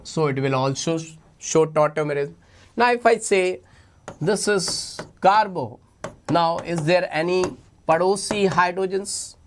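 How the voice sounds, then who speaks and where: A man teaching chemistry for an exam in a playful, animated lecture, often repeating his phrases. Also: high-pitched, unhurried, a little hiss or hum. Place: online class recording.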